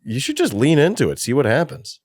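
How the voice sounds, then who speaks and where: A man's voice: mid-range voice, wildly swooping pitch, a little fast, a little mellow, breathy edge, no room sound, clean studio sound. A man hosting a casual interview chat, laid-back and jokey, with swearing. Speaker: interview host.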